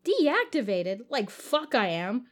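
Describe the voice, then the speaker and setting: A woman's voice: on the high side, expressive, normal speed, natural voice. A woman voicing a stranded, desperate male astronaut. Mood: angry, panicked. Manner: loud, angry outbursts. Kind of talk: reading a story aloud.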